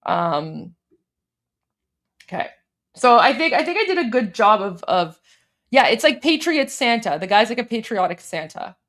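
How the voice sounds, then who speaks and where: A woman's voice: on the high side, big pitch swings, moderate pace, long pauses, a bit bright. A woman from Iran hosting a casual livestream, talking loosely with lots of fillers and restarts as she explains a meme. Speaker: host.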